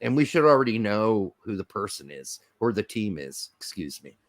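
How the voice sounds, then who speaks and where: A man's voice: fairly low pitch, very animated, moderate pace. A young adult man co-hosting a sports podcast, talking casually in a jokey, rambling way. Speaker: podcast co-host.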